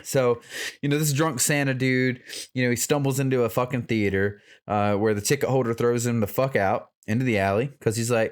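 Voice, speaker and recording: A man's voice: mid-range voice, fairly even intonation, fairly quick, smooth. A man co-hosting a movie-review podcast, recapping the plot in a loose, profane, rambling way. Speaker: podcast co-host. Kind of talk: casual movie-review chat.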